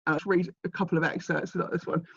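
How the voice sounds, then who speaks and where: A woman's voice: lowish voice, steady tone, quick pace, gravelly, breathy edge, no room sound. A woman in her forties presents her books in a rambling, self-deprecating way and keeps restarting her sentences. The video call audio is dull and muffled, with no room sound at all. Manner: chatty, self-deprecating, many restarts and fillers. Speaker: graphic novelist presenting her work. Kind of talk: informal talk with slides.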